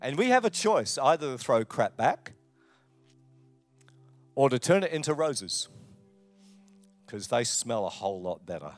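A man, a pastor preaching a sermon, with loud emphatic lines and quiet asides. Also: mid-range voice, very animated, unhurried, pauses often, no echo, soft background music. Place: church.

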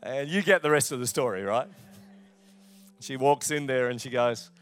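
Lively man preaching a sermon. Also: medium pitch, normal speed, faint music behind. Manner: lively preaching, swings between loud emphasis and quiet asides. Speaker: pastor. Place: church.

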